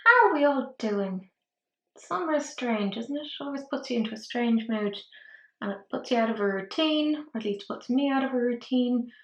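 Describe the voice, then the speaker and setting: A woman's voice: fairly high pitch, animated, moderate pace, reverberant, highs cut off. A woman with an Irish accent, chatting her way through a makeup tutorial in a rambling, self-deprecating manner. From Ireland. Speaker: makeup vlogger.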